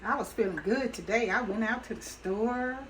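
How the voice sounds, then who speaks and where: A woman's voice: a little high, moderate pace, fairly bright tone, slight background noise, rough recording. Chatty woman cooking in a home kitchen. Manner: chatty, folksy, laughs easily. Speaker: home cook and channel host. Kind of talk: casual cooking demonstration.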